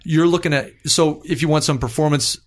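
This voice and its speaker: A man with a mid-pitched everyday voice co-hosting a car news chat. He lays out specs and facts in an easy, matter-of-fact way. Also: fairly even intonation, a little fast. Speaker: car show co-host.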